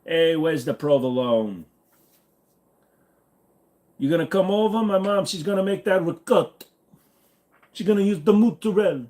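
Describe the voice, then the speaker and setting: A man's voice: high voice, expressive, moderate pace, long pauses, darkish tone, pitched above the performer's own voice. A man doing a swaggering adult New York mafioso voice for a laugh. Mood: boastful. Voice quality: exaggerated Italian-American mob voice.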